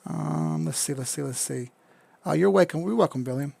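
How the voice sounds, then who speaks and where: Man, gravelly voice, dry close sound, rambling casual live stream host. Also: fairly high pitch, moderate pace, a little mellow, no echo. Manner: laid-back, rambling, swears casually, reads chat aloud.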